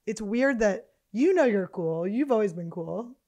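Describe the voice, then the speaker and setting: A woman's voice: mid-range voice, expressive, measured pace, dark tone. A woman hosting a comedy podcast, telling profane stories with laughter in a loose, chatty way. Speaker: podcast host. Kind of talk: casual comedic chat.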